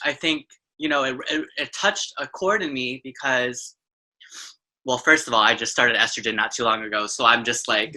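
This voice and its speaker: A trans woman hosts a casual interview, her deep voice brisk and sharp. She talks effusively and at length, peppering her speech with plenty of "like" and "you know."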